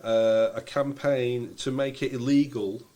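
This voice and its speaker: A man's voice: mid-range voice, fairly even intonation, a little slow, dark tone. A British man co-hosting a casual comedy podcast, reading out letters and quotes in a dry way. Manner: dry, reads listener letters and quotes aloud. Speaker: podcast co-host.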